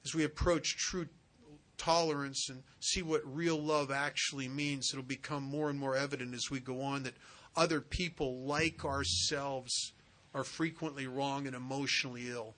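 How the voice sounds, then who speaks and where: Bright-voiced man telling a recovery story. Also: mid-range voice, steady tone, normal speed. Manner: earnest storytelling, acts out quoted dialogue. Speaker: recovery speaker. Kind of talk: spiritual retreat talk. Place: retreat center hall.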